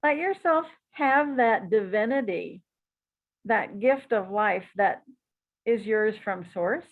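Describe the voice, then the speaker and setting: A woman teaching a psychic class in a relaxed, chatty and encouraging way, with frequent asides. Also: medium pitch, takes it slowly. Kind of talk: relaxed spoken class talk. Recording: tinny phone-like audio.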